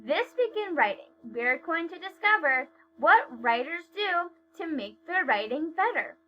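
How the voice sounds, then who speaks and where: A woman teaching young children to write, speaking slowly and clearly and stretching out words as she sounds them out. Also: very high voice, very animated, highs cut off, slight background noise.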